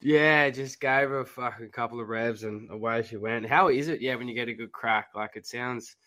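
An Australian man with a mid-range voice hosts in a relaxed, chatty manner. He swears casually and keeps the talk loose and friendly. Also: medium pitch, moderate pace. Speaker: podcast host. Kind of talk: casual chat.

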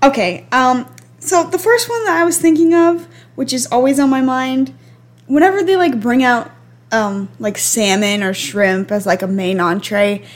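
A woman's voice: high-pitched, normal speed. An eighteen-year-old woman chatting casually as a guest, rambling with lots of ums and likes. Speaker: guest sister. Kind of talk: casual chat.

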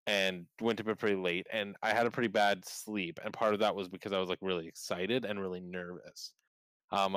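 A man hosting a casual podcast, telling a story with lively, acted-out reactions. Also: sits low, clear, resonant tone, dry recording, rough recording. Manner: animated storyteller, acts out his own reactions. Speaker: podcast host.

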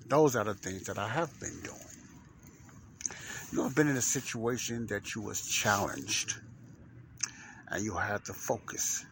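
A man's voice: lowish voice, a little slow, pauses often, fairly bright tone, slight background noise. A man hosting his own faith podcast, talking loosely in a rambling way with many fillers and repeated phrases, recorded inside a parked truck. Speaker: podcast host. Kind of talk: casual spoken podcast monologue.

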